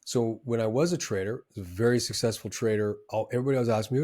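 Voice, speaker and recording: A man, a former trader, giving advice in a casual, animated way, with emphatic bursts and frequent fillers. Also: medium pitch, fast. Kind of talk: casual motivational talk.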